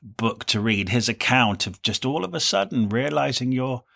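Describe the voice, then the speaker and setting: A man's voice: medium pitch, lively intonation, normal speed, gravelly, pushed and bright. Male podcast co-host, reflective and sincere, casual chat. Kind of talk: casual book-discussion chat.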